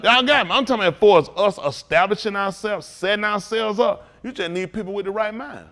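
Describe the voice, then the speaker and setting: A man preaching as a pastor in a fiery talk, swinging from low mutters to loud outbursts. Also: brisk.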